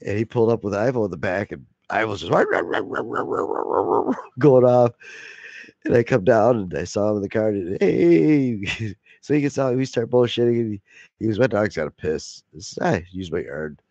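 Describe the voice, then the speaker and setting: A man's voice: on the low side, animated, normal speed, a little mellow, no echo, muffled recording. A man telling a long profane story in a casual way, laughing often and acting out the other voices. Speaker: video blogger.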